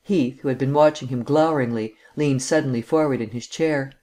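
A man narrating a classic mystery novel audiobook in a steady, even reading manner. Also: mid-range voice, a little fast.

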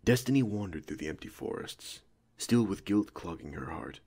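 A man narrates a storybook audiobook in a low voice, with steady, even storytelling throughout. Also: normal speed, slightly rough.

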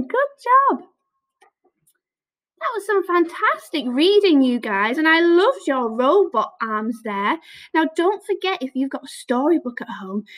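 Slow, high-voiced encouraging teacher woman. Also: rough recording. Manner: slow, encouraging, sounds out letters with lots of praise. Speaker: primary school teacher. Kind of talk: remote phonics lesson for young children. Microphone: camera.

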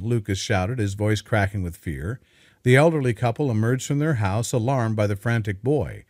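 A man's voice: lowish voice, expressive, normal speed, darkish tone, no room sound, studio quality. A man giving scripted, dramatic story narration.

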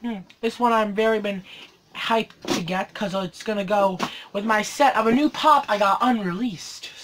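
A teenage boy with a fairly high voice unboxes a collectible on his vlog. He curses nonstop and rants with anger, then fills the pauses with low hums. There is a faint hiss behind him. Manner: profane angry ranting; mumbled hums between remarks. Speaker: toy collector vlogger.

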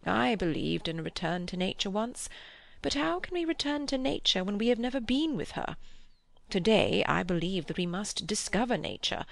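A woman voicing an earnest, lecturing old man in an audiobook, with a gravelly tone. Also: medium pitch, no echo.

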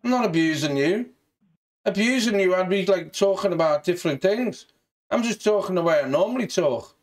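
A man's voice: high voice, expressive, normal speed. A man with a Liverpool accent on a prank call to a scammer, brash, mock-tough and swearing freely. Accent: Liverpool (Scouse). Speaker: scambaiter.

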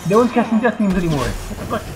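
A man hosting a co-op game let's play, reacting loudly with exclamations and swearing. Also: sits high, fast, music in the background, poor audio. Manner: excitable, swearing, yelping exclamations. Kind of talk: co-op gameplay commentary.

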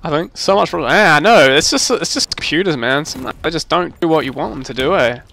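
A young man casually commentating his own game livestream, excitable, laughing and swearing as he plays. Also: a little high, fast talker, vocal fry. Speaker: gaming livestreamer.

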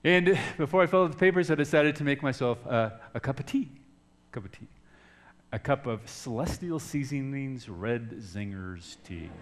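Here a middle-aged male pastor narrates something from his own life as part of a sermon, using an expressive mid-range voice at normal speed. He alternates between soft, hushed passages and loud shouting.

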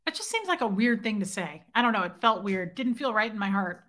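A woman's voice: mid-range voice, animated, a little fast, a bit bright. A young woman hosting a casual livestream, chatting playfully and reading viewer comments aloud, now and then breaking into a snatch of song. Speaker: livestream host.

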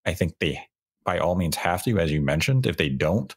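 A man hosts a casual podcast discussion in a low, husky voice. He explains his reasoning at length and lays out his points analytically. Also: lively intonation, normal speed. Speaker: podcast host.

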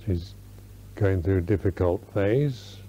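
An older American man, a Buddhist monk, giving a slow Dharma talk at a retreat, searching for words with many restarts. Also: low-pitched, dark tone, a little hiss or hum. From United States. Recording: dull lo-fi 1991 recording.

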